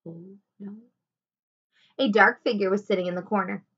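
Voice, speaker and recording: A woman teacher reading a children's chapter book aloud at home, with expressive delivery. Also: mid-range voice, quick pace, dull audio. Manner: expressive, animated. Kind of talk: storybook read-aloud.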